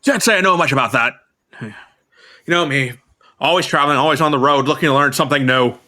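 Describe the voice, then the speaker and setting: A man's voice: mid-range voice, quick pace, bright, forceful tone, pitched below the performer's own voice, close to an everyday voice. A man playing an aggrieved wandering mentor. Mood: breezy. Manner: indignant, complaining. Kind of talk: tabletop role-play character voice.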